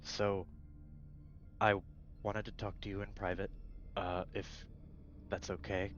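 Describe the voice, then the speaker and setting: Bashful stammering hulk of a guard , put on by a man, soft and hesitant, slightly dull lo-fi sound. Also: mid-range voice, takes it slowly, soft background music. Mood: shy whisper. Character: nervous smitten male PMC guard, large.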